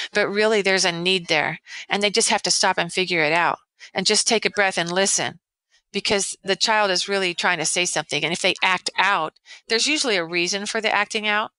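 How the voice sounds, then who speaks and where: A woman's voice: mid-range voice, bright, forceful tone, clear, resonant tone, no room sound, low-quality recording. A woman in her sixties, a veteran educator, giving parenting advice in a casual interview, earnest and rambling with many restarts. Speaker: veteran educator, podcast guest.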